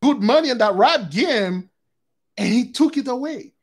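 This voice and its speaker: A man's voice: extremely high pitch, expressive, unhurried, slightly rough. A man giving a casual spoken testimony on his religious channel, rambling with many restarts and calling listeners brothers and sisters. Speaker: religious YouTube channel host.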